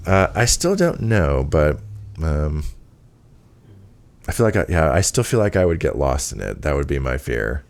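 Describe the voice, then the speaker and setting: A man's voice: extremely low pitch, lively intonation, normal speed. A man hosting a podcast in casual chat, rambling with frequent fillers and laughs. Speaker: podcast host.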